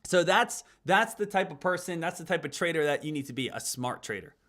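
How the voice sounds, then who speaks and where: A man's voice: a little high, fairly quick. A man hosting a live stock trading stream, talking energetically and directly to his viewers. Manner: energetic, talks straight to viewers as "guys".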